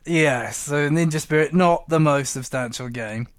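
A man's voice: a little high, measured pace, noisy background. A man hosting a casual podcast about retro games, laughing often as he talks. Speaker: podcast host.

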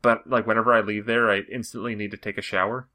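A man with a fairly low but bright, forceful voice hosts a podcast in relaxed chat. He rambles from one thought to the next, leaning on "like" as filler. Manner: rambling, fast, full of "like" fillers. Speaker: podcast host. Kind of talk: casual chat.

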